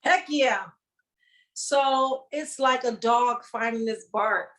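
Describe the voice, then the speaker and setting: A woman comedian chats casually and animatedly, slipping into acted-out voices to make her point. Her voice sits a little higher than most. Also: slow pace, rough recording. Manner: animated, acts out voices and sounds. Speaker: comedian, guest. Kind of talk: casual chat.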